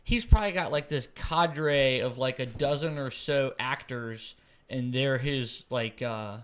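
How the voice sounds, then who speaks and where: A man's voice: mid-range voice, unhurried, clear, resonant tone. A man co-hosting a podcast in casual chat, often restarting and repeating words as he thinks aloud. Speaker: podcast co-host.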